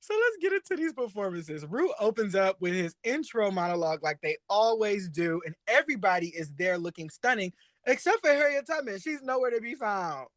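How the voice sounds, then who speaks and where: A man co-hosting a drag and pop culture show, chatting in a sassy, animated way and laughing often. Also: sits high, brisk, dry recording. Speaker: podcast co-host. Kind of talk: casual chat.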